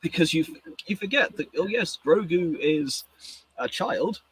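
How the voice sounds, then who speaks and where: Husky, excitable man. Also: high-pitched, a little slow, dry recording, poor audio. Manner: enthusiastic, gushing. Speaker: podcast co-host. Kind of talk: casual fan review chat.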